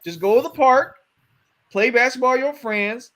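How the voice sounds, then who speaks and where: A man's voice: very high-pitched, normal speed, pushed and bright. A man co-hosting a casual podcast chat, laid-back and chuckling as he talks. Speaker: podcast co-host.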